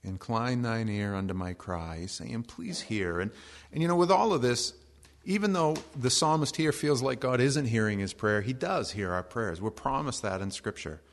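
A man preaching a relaxed sermon as pastor, cracking jokes between slow readings of scripture. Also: medium pitch. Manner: conversational and joking, reading scripture slowly.

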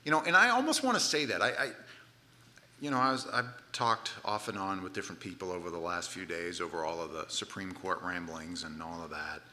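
A man preaching a sermon in a conversational way, often restarting and repeating words, and growing loud and emphatic at his high points. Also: fairly quick. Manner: grows loud and emphatic at climaxes. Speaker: pastor.

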